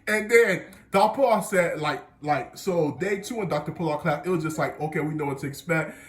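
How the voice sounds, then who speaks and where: A young man telling a school story as a vlogger, animated and slangy, often breaking into laughter. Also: on the high side, moderate pace. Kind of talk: casual storytelling. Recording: echoey room.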